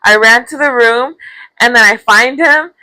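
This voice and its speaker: A woman's voice: a little high, unhurried, sharp tone, no echo, low-quality recording. A young woman co-hosting a podcast, telling a story in casual chat, swearing freely and slipping into Spanish. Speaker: podcast co-host.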